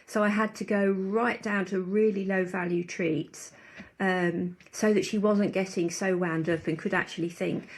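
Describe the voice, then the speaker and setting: A woman's voice: mid-range voice, steady tone, measured pace. A woman dog trainer in a casual podcast conversation, explaining her points thoughtfully with frequent fillers.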